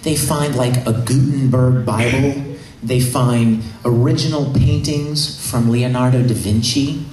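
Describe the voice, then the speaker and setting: A man at a convention panel, excitedly and emotionally retelling a story with many restarts. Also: medium pitch, recorded from a distance. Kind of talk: enthusiastic storytelling. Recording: echoey hall, faint noise.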